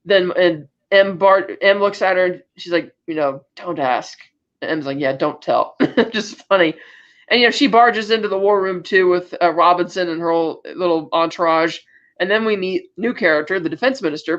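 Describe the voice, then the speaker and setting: A man's voice: high voice, fairly bright tone, muffled recording. A man co-hosting a podcast, casually retelling film scenes and acting out the lines as he goes. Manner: retells scenes acting out quotes in quick asides. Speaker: podcast co-host.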